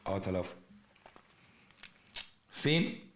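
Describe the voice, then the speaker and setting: A man's voice: very slow, slight background noise. Impassioned man preaching on a livestream. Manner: preachy, urgent street-slang delivery. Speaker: live stream podcast host. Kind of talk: impassioned livestream monologue with chat shout-outs.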